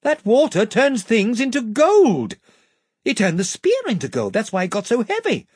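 A reader voicing a bold, quick-thinking boy in a storybook, speaking in an urgent, commanding way. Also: mid-range voice, huge pitch swings, darkish tone, husky, no echo, studio quality, voice pushed up.

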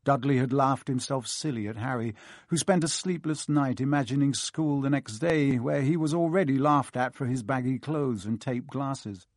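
A man reading an audiobook with lively, expressive narration. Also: mid-range voice, normal speed, no echo, studio quality.

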